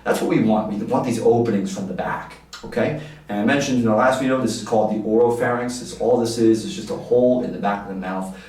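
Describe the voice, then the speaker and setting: A man teaching a singing lesson, coaching and encouraging the listener through warm-ups. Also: lowish voice, steady tone, fast. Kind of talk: vocal lesson with demonstrations. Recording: very echoey room, voice from far off the mic. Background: piano.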